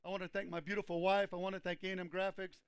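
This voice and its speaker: A man's voice: high-pitched, flat delivery, very fast, clean tone, no room sound. An overexcited man, a tournament angler, gushing thanks after the contest.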